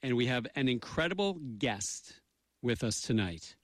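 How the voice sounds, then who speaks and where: A man's voice: medium pitch, sing-song, normal speed, dry recording. A middle-aged man co-hosting a radio show, joking around in goofy, mock-pompous banter.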